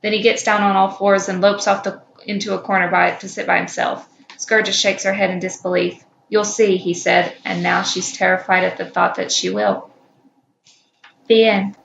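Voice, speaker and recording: A woman podcast host reading fan fiction aloud in a steady storytelling manner, in an echoey room. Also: medium pitch, normal speed, creaky. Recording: echoey room with faint noise.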